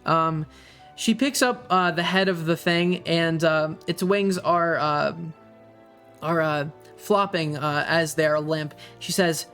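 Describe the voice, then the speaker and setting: A young man narrating a tabletop game as game master, pausing often with ums and uhs. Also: fairly high pitch, sharp tone, soft background music. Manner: halting, many ums and uhs.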